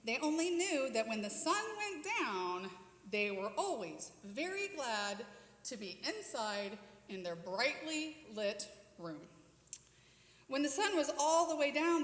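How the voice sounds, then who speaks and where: Expressive woman telling a story in church. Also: high-pitched. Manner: warm, expressive storytelling, inviting volunteers. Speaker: worship storyteller. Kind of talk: children's story time at a church service. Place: church sanctuary. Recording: echoey church hall with long reverb.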